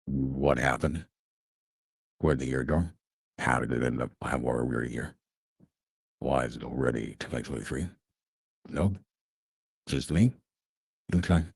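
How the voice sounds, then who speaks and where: A man hosting a casual livestream chat, rambling and chatty, with his voice run through a deep voice changer. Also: measured pace, gravelly, pauses often, a little mellow, breathy edge, no room sound, studio quality. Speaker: host.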